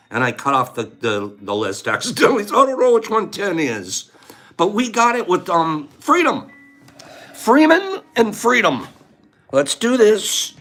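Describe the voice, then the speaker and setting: A man hosting a playful live-stream giveaway, calling out names loudly in a singsong way. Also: high-pitched.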